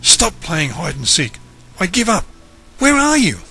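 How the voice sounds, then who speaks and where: A man's voice: sits high, unhurried, vocal fry, breathy edge, soft background music, voice pushed up, heavily acted. A man voicing an eager young boy. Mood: coaxing. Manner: pleading, excitable.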